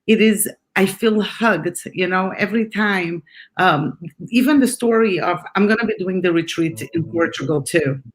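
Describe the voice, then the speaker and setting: Enthusiastic woman hosting an interview. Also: medium pitch. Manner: emphatic, enthusiastic, repeats words when starting sentences. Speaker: podcast host and retreat leader. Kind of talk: conversational interview.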